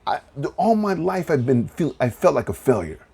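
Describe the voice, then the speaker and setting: A man in his thirties talks alone into his podcast mic, earnest and emotional, stumbling over repeated words. His voice is gravelly, dark and a little husky, and it is close to breaking. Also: a little high, big pitch swings, moderate pace. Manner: earnest, repeats words when starting sentences. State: emotional, near tears. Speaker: podcast host. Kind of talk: heartfelt solo podcast rambling.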